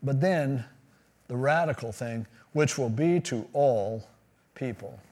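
A man's voice: medium pitch, slow pace, darkish tone. A middle-aged man preaching a sermon in a conversational way, with casual asides and quoted voices. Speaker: pastor.

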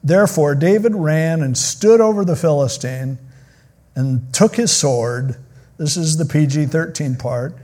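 A pastor with a slightly high, unhurried, somewhat mellow voice preaches a sermon. He retells a Bible story casually and jokingly, acting out the quotes as he goes.

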